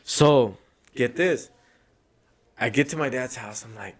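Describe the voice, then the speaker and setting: A man's voice: mid-range voice, slow. A man hosting a podcast, telling a story in loose, profane, rambling casual chat. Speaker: podcast host.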